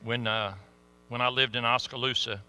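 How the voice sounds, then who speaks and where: A middle-aged man telling a story in a sermon, folksy and animated. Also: medium pitch, moderate pace, smooth. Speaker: pastor.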